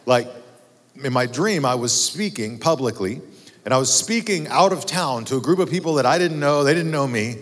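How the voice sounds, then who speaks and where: A man's voice: medium pitch, expressive, moderate pace, fairly bright tone, long reverb tail. A man from Texas preaching a sermon as pastor, telling a funny personal story in a casual, self-deprecating way. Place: church auditorium.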